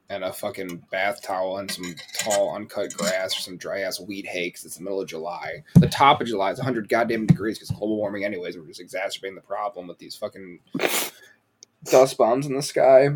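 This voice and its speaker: A man's voice: low voice, background noise. A man co-hosting a casual podcast chat, ranting with heavy swearing and sarcasm. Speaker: podcast co-host.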